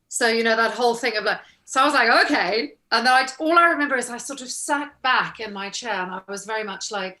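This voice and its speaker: A woman's voice: on the high side, quick pace, few pauses, sharp tone. A woman actor being interviewed, recounting an anecdote animatedly, laughing and acting out the people she quotes. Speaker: actor guest. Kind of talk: casual interview storytelling.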